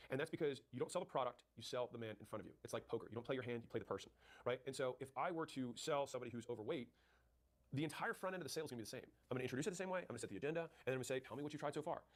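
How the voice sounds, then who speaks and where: A man rattles through sales advice at a breakneck clip in an ordinary mid-range voice. He is punchy and direct, acting out lines from sales calls as he coaches. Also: medium pitch. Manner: rapid, punchy, acts out sales dialogue. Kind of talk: fast sales coaching talk.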